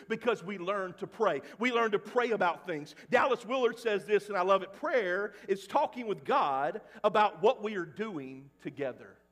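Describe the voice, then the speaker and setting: A pastor in his forties from Mississippi preaching a sermon, dropping to a hush and then shouting at the peaks. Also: high voice. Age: 40s. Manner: swings between hushed and loud, shouting at peaks. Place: church sanctuary. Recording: long church reverb.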